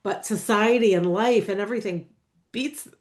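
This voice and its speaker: A woman's voice: mid-range voice, moderate pace. A woman hosting a podcast interview, affirming and encouraging as she reflects on her guest's story. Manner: encouraging, affirming, backchannels often with mm and yeah. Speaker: podcast host.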